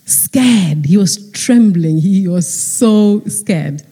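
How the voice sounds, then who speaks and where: A woman preaching a sermon, retelling a story in lively fashion and acting out the characters. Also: medium pitch, very slow, husky. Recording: long hall reverb.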